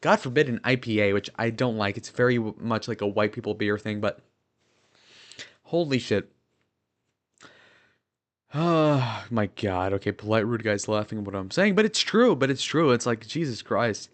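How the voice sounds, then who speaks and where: A man's voice: fairly low pitch, moderate pace, long pauses. A young man in his twenties chatting casually on a livestream, rambling with lots of fillers and swearing. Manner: rambling, filler-heavy, profane.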